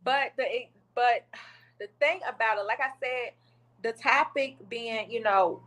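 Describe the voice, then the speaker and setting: A woman's voice: on the high side, a little slow, rough recording. A woman podcast co-host, casually retelling a video she saw and acting out what people said. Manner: chatty and animated storytelling, acts out quotes.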